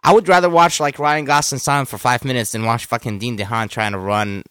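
Excitable swearing man on a podcast. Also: medium pitch, fairly quick, clean tone, no echo, clean studio sound. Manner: excitable, swears freely, stammers. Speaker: podcast co-host. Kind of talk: casual film chat.

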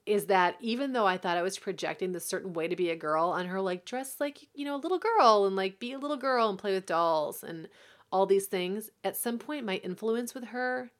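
A woman co-hosting a podcast, chatting casually and telling animated stories about her children. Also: mid-range voice, brisk. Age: adult, mother of several children. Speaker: podcast co-host. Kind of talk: casual chat.

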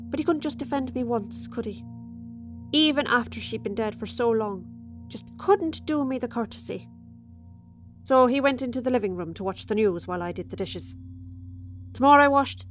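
A woman's voice: fairly high pitch, natural voice. A woman performing a dramatic monologue as a chatty, tipsy Irish widow who confides over dinner, with sudden flashes of resentment. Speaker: storyteller.

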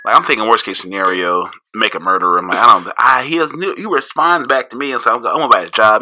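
A man with a St. co-hosting a podcast, telling stories in casual chat, swearing freely and jumping high in pitch when excited. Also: fast, few pauses. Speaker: podcast co-host.

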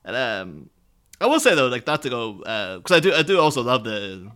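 An Irish man in casual podcast conversation about films, animated and quick to laugh. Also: mid-range voice, clean tone. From Ireland. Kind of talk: casual film discussion.

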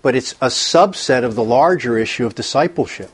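A man's voice: mid-range voice, expressive, brisk, slightly rough. A man speaking earnestly at a church counseling workshop, often repeating words as he thinks. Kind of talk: conversational workshop talk.

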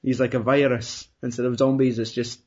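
A husky-voiced man hosts a loose chat, at a typical middle pitch for a man. He tells rambling stories, laughs easily and steers the talk with questions. The sound is a bit dull and lo-fi. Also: flat delivery, brisk, a little mellow. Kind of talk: casual chat.

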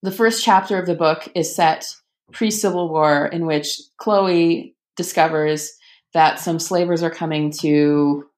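A woman author talking casually about books, chatty, with many fillers and animated quoting. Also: low voice. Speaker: author guest. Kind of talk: casual podcast conversation.

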